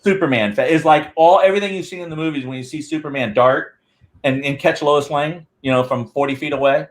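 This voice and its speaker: A man on a podcast as a guest researcher, telling a rambling, animated story in casual chat. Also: on the high side, fairly quick.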